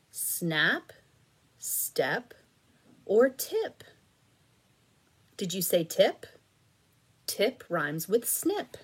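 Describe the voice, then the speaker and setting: A woman teaching reading to children, patient and encouraging, slowly and clearly spelling out syllables. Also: fairly low pitch. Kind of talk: slow, clearly enunciated instruction for children.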